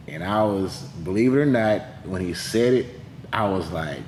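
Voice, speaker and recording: A man's voice: on the low side, a little fast, darkish tone, a little hiss or hum. A man, a heavyweight fighter, telling his story in an interview in a loose, rambling way with lots of fillers and quoted dialogue. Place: gym. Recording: echoey room.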